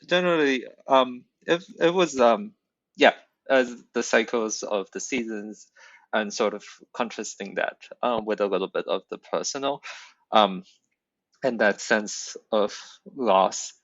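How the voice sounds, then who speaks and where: Hesitant man with a gravelly low voice. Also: measured pace, fairly bright tone, dry recording, muffled recording. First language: not English. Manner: hesitant, many ums, thoughtful. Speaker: poet in a workshop. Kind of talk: casual discussion.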